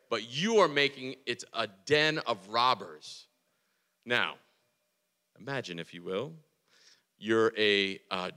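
Bright-voiced casual pastor in reverb. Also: male voice, medium pitch. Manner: excitable, restarts and "like" fillers, storytelling. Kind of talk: casual conversational sermon.

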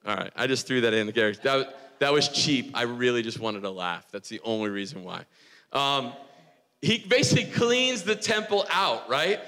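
A man giving a relaxed, storytelling sermon, full of quick restarts and "like"s as he gets carried away. His voice is bright and forward, at a middle pitch for a man. A long church-hall reverb trails after each phrase. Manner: excitable, restarts and "like" fillers, storytelling. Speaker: pastor. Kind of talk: casual conversational sermon.

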